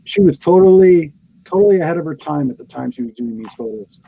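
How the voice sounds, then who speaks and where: A man's voice: on the high side, expressive, fairly quick, vocal fry, muffled recording, a little hiss or hum. A man chatting enthusiastically in a casual group video chat, showing off items from his comic collection. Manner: enthusiastic, friendly. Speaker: guest collector.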